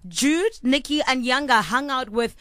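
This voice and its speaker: A woman's voice: sits high, unhurried, fairly bright tone, dry recording, clean studio sound. A woman hosting a radio show in casual, chatty banter, laughing easily. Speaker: radio host.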